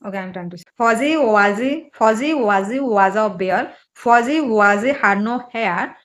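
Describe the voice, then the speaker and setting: Woman, casual vlog host, fairly high voice, careful learner's English, tongue twisters. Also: normal speed, fairly bright tone. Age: adult, mother of a child. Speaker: channel host and mother.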